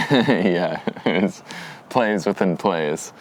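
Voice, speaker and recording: Give me a slow, easygoing man co-hosting a podcast, with faint ambient hum. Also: deep voice. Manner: laid-back, laughs often, rambling. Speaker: podcast co-host. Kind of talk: casual chat.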